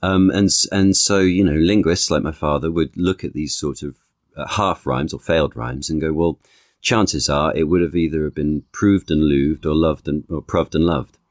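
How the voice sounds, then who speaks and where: A man with an extremely deep, low voice talks through ideas as a podcast guest. He restarts phrases often and keeps reaching for one analogy after another. The sound is dry and close, with no room around it. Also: moderate pace, no echo. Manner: thoughtful, stacks analogies, frequent restarts and "you know". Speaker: podcast guest, actor and author. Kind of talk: conversational interview.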